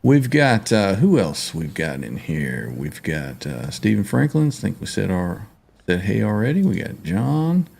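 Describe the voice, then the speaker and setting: A man's voice: fairly low pitch, very animated, unhurried, vocal fry, darkish tone, breathy edge. A man hosting a casual livestream, greeting viewers and reading their comments aloud with frequent laughs. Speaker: livestream host.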